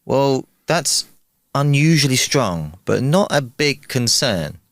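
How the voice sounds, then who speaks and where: A man voicing a calm male doctor in a spoken joke, talking slowly and deliberately. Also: medium pitch, no room sound, clean studio sound, pitched above the performer's own voice. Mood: measured.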